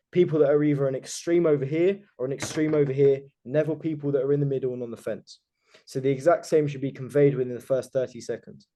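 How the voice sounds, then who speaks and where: A confident male coach leads a group video call, pressing hard on his points with complete conviction and the odd casual swear. His voice sits at an ordinary pitch with a mellow, warm tone. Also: a little hiss or hum. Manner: emphatic, self-assured, swears casually.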